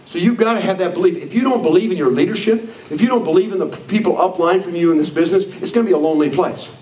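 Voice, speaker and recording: A man's voice: high voice, a little mellow. An older man giving an emphatic, preachy leadership training talk to a live audience, acting out the voices he quotes. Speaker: motivational speaker. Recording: echoey hall, far from mic, faint noise.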